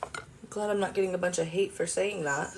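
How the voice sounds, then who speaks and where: A woman's voice: fairly low pitch, fairly quick. Rambling, swearing woman livestreamer. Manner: rambling storytelling, lively, swears freely. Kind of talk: casual livestream chat.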